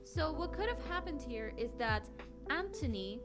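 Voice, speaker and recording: A woman's voice: high-pitched, animated, a little slow, over music. A woman guest in a voice acting session, chatting casually and thinking aloud in a hesitant way. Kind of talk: casual chat.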